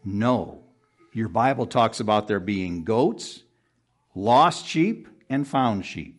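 This pastor preaches an expository sermon to a gathered congregation in a room, taking his time. Earnest and insistent, with lively intonation, he spikes upward to stress a point, then sinks low and soft at the close of each verse.

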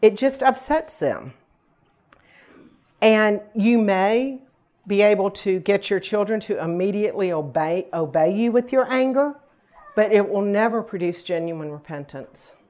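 Woman, middle-aged, earnest, confessional, Christian parenting talk, scripture teaching, medium pitch. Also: unhurried, a little mellow. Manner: earnest and confessional, with occasional self-deprecating laughs. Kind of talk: personal story and Bible teaching.

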